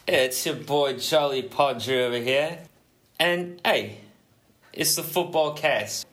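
A man's voice: mid-range voice, takes it slowly, background noise, close to an everyday voice. A man hosting a comedy podcast as a blustering English football fan in a put-on English accent. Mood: blustery. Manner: blustery, mock-dramatic. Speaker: podcast host.

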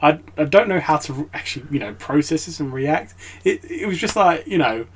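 A man appearing as a podcast guest, talking in a casual, halting and hesitant way. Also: fairly high pitch, animated, husky. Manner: halting, hesitant, restarts often. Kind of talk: casual chat.

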